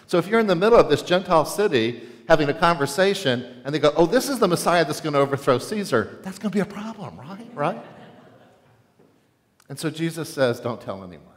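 A male pastor preaching a sermon in a church, animated and often asking the congregation questions. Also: a little high, big-room sound. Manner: animated, asks the congregation questions, acts out quotes. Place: church sanctuary.

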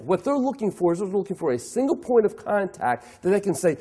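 Middle-aged male keynote speaker, husky and animated, plays to the room. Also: high voice, fairly quick, few pauses. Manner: animated, acts out clients' voices, asks the audience questions. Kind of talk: lively keynote talk to an audience.

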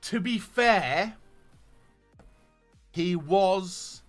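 A man giving gaming commentary as he opens packs, excitable, dropping to low muttering and then bursting into shouts. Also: drawn-out words, soft background music. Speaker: gaming YouTuber. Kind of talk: pack-opening gaming commentary.

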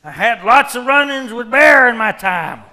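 A man acting out a hundred-year-old backwoodsman who rambles through his tall tales in a folksy drawl and cackles as he goes. His voice is high and bright. He is a stage comedy figure who gets lost in his own story. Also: animated, normal speed, heavily acted. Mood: confused, excited. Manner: cackling, repeats the same yarn.

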